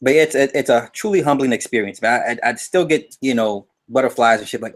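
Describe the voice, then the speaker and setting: A man guesting on a casual live-stream interview, talking in a relaxed, humble, rambling way. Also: medium pitch, fast talker, hardly any pauses. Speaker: guest YouTuber.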